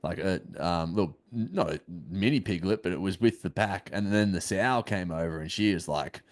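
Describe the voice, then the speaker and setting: A man's voice: deep voice, moderate pace. A young man, a podcast host chatting easily and reacting with short exclamations. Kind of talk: casual interview chat.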